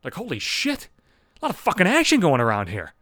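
A man with a fairly high voice rambles through a comic story on his podcast, swearing constantly and getting animated. The sound is dry and close to the mic. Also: very fast, no echo. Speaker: podcast host. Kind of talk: comedic storytelling monologue.

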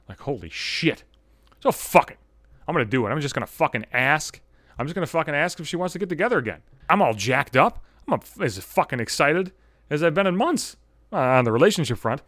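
A man in his thirties rants through a personal story on his podcast, swearing constantly. His pitch leaps around as he gets worked up. The recording is dry and close, with no room sound. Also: fairly quick, no room sound. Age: 30s. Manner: animated, swearing, ranting with rising exasperation. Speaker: podcast host. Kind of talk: profane personal storytelling monologue.

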